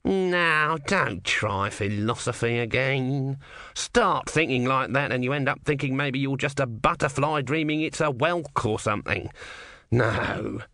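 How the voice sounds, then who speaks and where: A man's voice: mid-range voice, measured pace, sharp tone, no room sound, studio quality, pitched above the performer's own voice. A man voicing a bitter, sarcastic male god trapped as a small tortoise, in a storybook reading. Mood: exasperated. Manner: sarcastic, exasperated.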